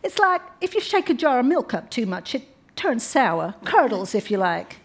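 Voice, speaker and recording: A woman's voice: a little high, very animated, moderate pace, husky, pitched above the performer's own voice, exaggerated voice. A woman voicing a plump patronising older man. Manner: condescending and fussy. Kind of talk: audiobook reading.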